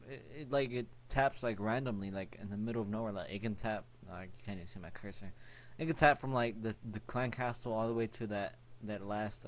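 A teenage boy hosting his own gaming channel, chatting casually and goofily to himself as he plays. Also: on the low side. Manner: rambling, goofy, talks to himself while playing. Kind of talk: casual gameplay commentary.

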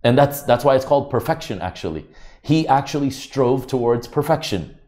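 A man's voice: mid-range voice, expressive, normal speed, darkish tone. A man giving a religious lecture, explaining Arabic terms in an earnest teaching manner.

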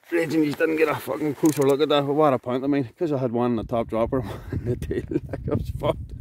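A Scottish man fishing outdoors by a loch, giving excited, sweary commentary and shouting to a friend across the water. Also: medium pitch, a little hiss or hum. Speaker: fishing vlogger.

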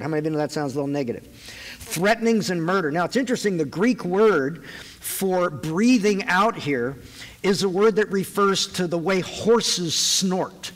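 A man's voice: high-pitched, moderate pace. A man preaching a sermon to a live audience, conversational and joking as he retells a Bible story. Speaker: pastor. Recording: long hall reverb.

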